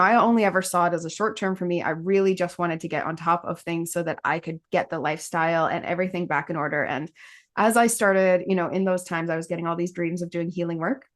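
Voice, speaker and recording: A woman talking candidly in a podcast conversation, rambling with fillers and restarts and laughing often mid-sentence. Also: on the low side.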